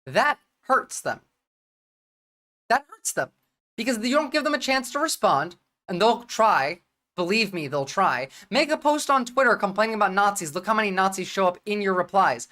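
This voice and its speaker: A woman with a New Jersey accent hosts a livestream, reacting bluntly and with plenty of profanity. She talks in fast, loose bursts with a medium-pitched voice. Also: expressive, a bit bright. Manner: blunt, profane, rapid-fire. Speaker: streamer. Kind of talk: livestream commentary.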